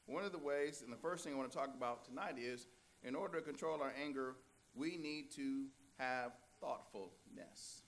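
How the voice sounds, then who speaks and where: A man's voice: mid-range voice, moderate pace, a bit bright. A man preaching a sermon, telling a folksy story and animatedly laughing along with it before turning to scripture. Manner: folksy, many fillers and restarts. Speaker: pastor.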